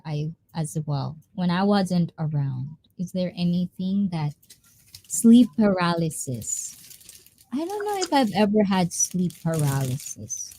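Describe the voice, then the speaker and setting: A woman's voice: on the low side, dark tone. A woman hosting a casual live stream, reading viewer comments aloud, laughing often and mixing in Tagalog phrases.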